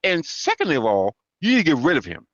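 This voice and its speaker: A man co-hosting a podcast, retelling stories in casual chat, exasperated and quick to laugh. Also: on the high side, wildly swooping pitch, a bit bright, no echo, highs cut off. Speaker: podcast co-host.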